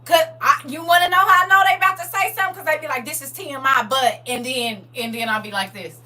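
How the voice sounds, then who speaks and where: A middle-aged woman with a St. chatting casually with viewers on a livestream, telling animated stories and acting out her own reactions. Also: sits high, fast talker, recorded from a distance, low-quality recording. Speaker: livestream host.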